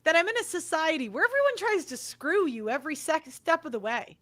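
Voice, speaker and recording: A woman's voice: high voice, expressive, brisk, a bit bright. A young woman hosting a podcast, delivering an angry, profane monologue and repeating her points. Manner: swearing, ranting, repeats herself. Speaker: podcast host.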